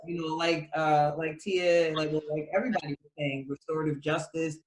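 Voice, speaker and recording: A man's voice: fairly high pitch, fairly even intonation, normal speed, roomy sound, slight background noise, rough recording. A man hosting an online panel, asking long, rambling questions full of fillers. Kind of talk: casual panel talk.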